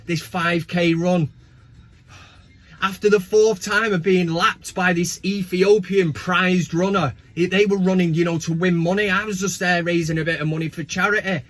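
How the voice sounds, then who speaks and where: A man's voice: high-pitched, fairly bright tone. A man hosting a football fan show, chatting casually with cheeky, swearing banter. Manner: cheeky, profane banter with asides. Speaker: fan channel host.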